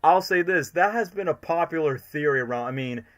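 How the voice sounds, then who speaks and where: A man hosting a livestream, talking in an excitable, rambling way as an eager fan. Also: fairly high pitch, brisk. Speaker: streamer host. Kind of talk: casual livestream commentary.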